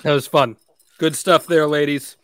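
A man hosts a casual chat podcast in a playful emcee manner, announcing results and keeping things moving. His voice sits a little high for a man. The recording is close and dry, with no room sound. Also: fairly even intonation, moderate pace, fairly bright tone, dry recording. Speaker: podcast host.

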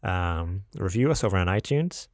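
A man's voice: deep voice, expressive, normal speed, dry recording, clean studio sound. A man co-hosting a casual podcast, rambling with many fillers and restarts. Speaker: podcast co-host.

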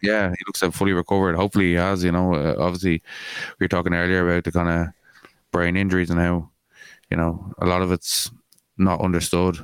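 A man's voice: low-pitched, flat delivery, fast talker, clear, resonant tone, dry recording. A man co-hosting a podcast in casual sports chat, rambling with lots of fillers and swearing. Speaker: podcast co-host.

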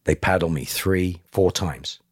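A man, a podcast guest, telling a personal story in an animated way and acting out other people's lines. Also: deep voice, a little slow, breathy edge, no echo, clean studio sound. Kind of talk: emotional storytelling.

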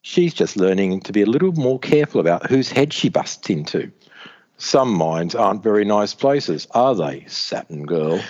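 A man voicing menacing prison inmates who taunt in a sneering, slow manner. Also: fairly low pitch, sing-song, a little mellow. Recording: dull lo-fi recording.

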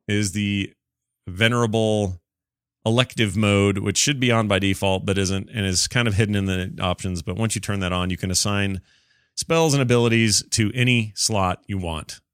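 A man's voice: on the low side, a bit bright, clear, resonant tone, no echo, studio quality. A man hosting a gaming podcast alone, reading listener emails aloud and answering them in a chatty, rambling, self-deprecating way. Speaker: podcast host.

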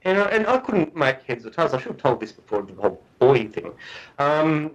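A man's voice: on the high side, sing-song, a little fast, highs cut off. A middle-aged man, a guest researcher, telling a story in a podcast interview, earnest and often restarting and repeating his words. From Australia.

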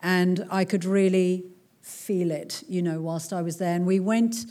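A middle-aged woman author giving a live talk to an audience, telling a story in an animated way and laughing often. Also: lowish voice, a little slow. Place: cultural centre hall before a crowd.

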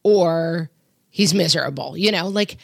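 A middle-aged woman speaks firmly and emphatically in a relaxed podcast chat. Her voice sits a little low for a woman. The recording is dry and close, with no room sound. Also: unhurried, creaky, no room sound. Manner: firm, emphatic, acts out quotes in animated voices. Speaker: podcast co-host. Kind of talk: casual parenting chat.

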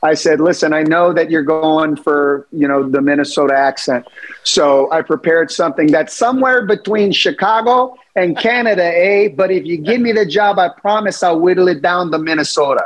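A man's voice: a little high, normal speed. A man, an actor being interviewed, telling stories and acting out the lines he quotes. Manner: storytelling, acts out quoted lines. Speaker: actor guest. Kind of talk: interview anecdotes.

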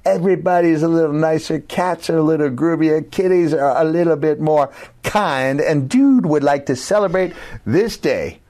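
A man's voice: a little high, moderate pace, darkish tone, pitched above the performer's own voice, lightly acted. A man voicing a laid-back groovy hippie dude who talks in cool slang and calls the listener daddy for a greeting video. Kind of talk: put-on character greeting video.

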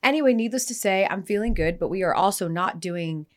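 A woman hosting a casual podcast, telling stories with lively energy and acting out the people in them. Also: mid-range voice, brisk. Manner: animated storyteller, voices the people in her stories. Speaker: podcast host.

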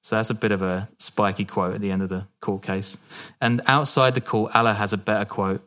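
A man's voice: lowish voice, fairly even intonation, a little fast, fairly bright tone. A man hosting a podcast, telling a true-crime story in a casual, joking way and laughing often.

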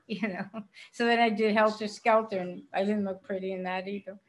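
An older actress in a casual interview, a chatty storyteller who laughs often. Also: female voice, medium pitch, flat delivery, normal speed, poor audio. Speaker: actress guest.

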